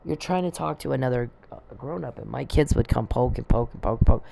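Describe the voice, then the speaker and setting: A woman's voice: rumbling low, a little fast, gravelly, warm tone, a little hiss or hum. A middle-aged woman in a casual monologue, agitated, swearing and rambling as she vents. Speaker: vlogger.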